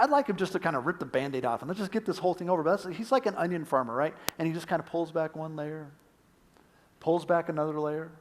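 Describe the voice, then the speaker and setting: A male pastor delivering a sermon with a somewhat high voice. He is earnest and pleading, pushing hard on key points before dropping to a hush. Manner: earnest, swings from emphatic to hushed.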